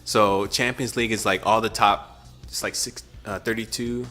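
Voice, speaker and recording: A man co-hosting a podcast in casual chat, easygoing and explaining things haltingly with many fillers. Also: lowish voice, steady tone, sharp tone, soft background music. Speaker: podcast co-host.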